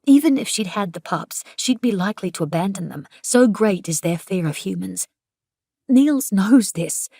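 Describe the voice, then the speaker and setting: A woman's voice: mid-range voice, lively intonation, normal speed, dark tone, husky, no room sound, clean studio sound. A woman narrating an audiobook in the first person, intense and emphatic in the dialogue.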